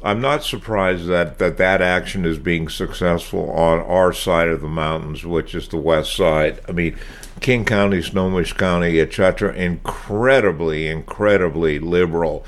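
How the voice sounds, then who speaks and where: Deep-voiced talk radio host. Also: male voice, moderate pace. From Washington State. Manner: conversational, opinionated, with frequent fillers.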